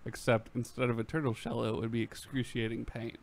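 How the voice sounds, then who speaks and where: A man's voice: medium pitch, little pitch movement, fairly quick, creaky. A man from the American Midwest co-hosting a podcast, making dry joking asides in casual chat. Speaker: podcast co-host.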